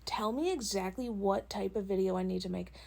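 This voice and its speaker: A young woman talks straight into her phone in a casual vlog, venting with plenty of swearing. She tells stories with animated energy and breaks into laughter. Her voice sits in a middle pitch range. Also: a little fast, vocal fry. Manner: profane, animated storytelling with laughs. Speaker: content creator.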